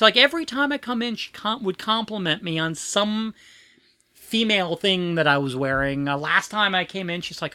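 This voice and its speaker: A woman's voice: medium pitch, moderate pace, bright, forceful tone, smooth, no room sound. A woman chatting casually, telling a rambling personal story with frequent laughs and restarts. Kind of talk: casual chat.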